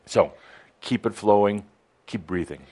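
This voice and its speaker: A man co-hosting a casual spiritual discussion, talking in a relaxed, halting way with many restarts. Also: fairly low pitch. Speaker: co-host discussing channelled teachings.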